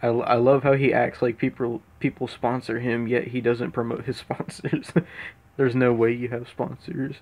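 A man's voice: medium pitch, little pitch movement, moderate pace, dull audio. A man reading out comments in a casual reaction commentary, laughing often as he reads. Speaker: YouTube commentary host.

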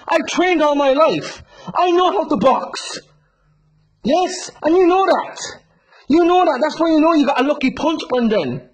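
Man, fighter's call-out video, taunting and profane, wide swooping pitch. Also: husky. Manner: insulting, swearing, constant "right?" and "yeah?" tags. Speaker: bare-knuckle fighter issuing a challenge.

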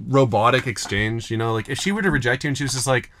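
A man's voice: mid-range voice, fast talker, fairly bright tone. A young man co-hosting a podcast, teasing and riffing with mock dialogue. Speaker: podcast co-host. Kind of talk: casual banter.

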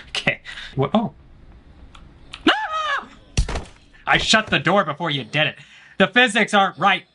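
A man's voice: sits high, animated, moderate pace, long pauses, pushed and bright, slightly rough. A man doing let's play commentary on a horror game, joking with his chat and letting out sudden panicked yelps. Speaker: gaming streamer.

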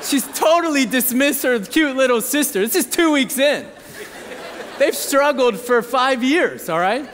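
A man's voice: extremely high pitch, expressive, unhurried, fairly bright tone, some chatter behind, slight background noise. A man in his thirties preaching a sermon, telling a family story conversationally and often checking in with the audience. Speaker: pastor. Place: church hall. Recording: long hall reverb.

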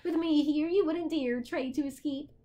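Woman doing a whiny high little demon. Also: normal speed, mellow, natural voice. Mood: boastful. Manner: pitch jumps high, whiny and sobbing. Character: small furry male demon, sniveling and insecure.

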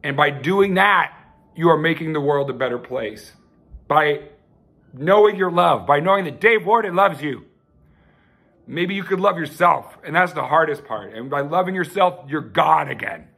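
A man's voice: fairly high pitch, animated, moderate pace, gravelly, fairly bright tone, husky. A man hosting his own loose, rambling sermon, heartfelt and profane, with frequent restarts. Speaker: self-styled televangelist host.

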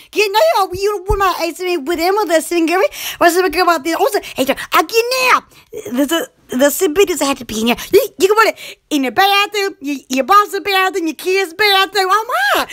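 A woman hosting a casual live stream for her online shop, excitable and giggly, with frequent squeals and exclamations. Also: extremely high pitch, brisk. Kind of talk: casual live-stream chat and product selling.

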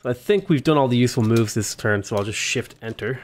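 A man's voice: medium pitch, fast. A young Australian man giving rambling, casual commentary while playing a strategy game, chatting to his units. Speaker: gaming YouTuber. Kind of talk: casual let's-play commentary.

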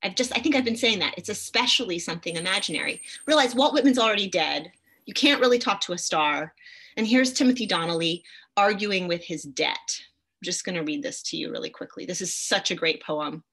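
A woman's voice: lowish voice, expressive, a little fast, fairly bright tone, slightly rough. Enthusiastic woman teaching poetry. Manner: enthusiastic, reads poems aloud expressively. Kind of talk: masterclass lecture with poem readings.

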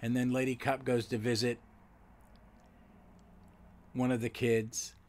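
A man at mid pitch talks through a comic issue alone. He rambles, stops to correct himself, and keeps the plot summary loose and casual. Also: little pitch movement, takes it slowly, darkish tone, a little hiss or hum. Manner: rambling, with self-corrections and fillers. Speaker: podcast host. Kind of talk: solo comic book recap.

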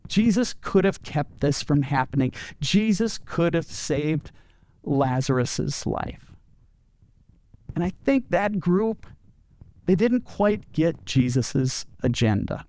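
A man's voice: a little high, animated, takes it slowly, darkish tone, no echo. A man preaching a sermon as pastor, telling a story earnestly and often repeating words as he goes. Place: church.

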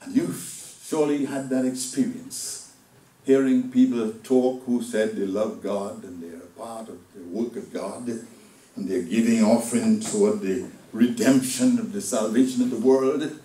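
A man delivering a sermon as a deacon, swinging between loud outbursts and hushed asides. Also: lowish voice, steady tone, a little slow, reverberant, recorded from a distance, rough recording. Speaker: deacon preaching. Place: church hall.

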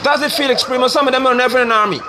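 A middle-aged man delivering a forceful, scolding sermon online, preaching hard at his listeners. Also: extremely high pitch, steady tone, rapid-fire, very noisy.

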